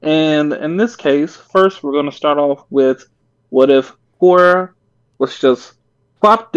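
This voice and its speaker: A man's voice: mid-range voice, highs cut off. A man co-hosting a casual podcast, telling stories loosely and laughing often. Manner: loose, laughing storytelling with many fillers. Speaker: podcast co-host.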